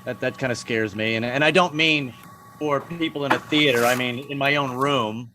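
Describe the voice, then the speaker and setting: A man's voice: medium pitch, normal speed, noisy background. An older man doing stand-up comedy, wry and self-mocking, with stammering restarts.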